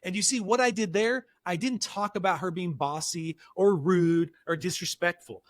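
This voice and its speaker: A man speaking as a parenting counselor guest on a podcast, animated and acting out dialogue as he tells stories. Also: high-pitched, normal speed, dry recording. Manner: animated, acts out quotes in different voices. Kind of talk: podcast interview, storytelling.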